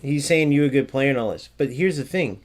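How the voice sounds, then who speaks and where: A man's voice: mid-range voice, animated, brisk. A man streaming a football video game, talking casually to his viewers and acting out short exchanges with opponents. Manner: talks to his chat, acts out short exchanges in a raised voice. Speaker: gaming streamer. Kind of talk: casual gameplay commentary.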